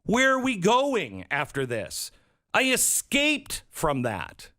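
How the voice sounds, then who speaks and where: A man's voice: high voice, huge pitch swings, slow pace, sharp tone, pitched above the performer's own voice, exaggerated voice. A man quoting a dismayed immigrant woman. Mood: pleading. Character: exasperated immigrant woman who fled oppression.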